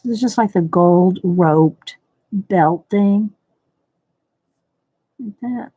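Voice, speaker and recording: A woman's voice: mid-range voice, very slow, warm tone, breathy edge, no echo, dull audio. A woman hosting a casual live coloring tutorial, thinking aloud as she works and greeting viewers by name. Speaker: livestream host demonstrating coloring.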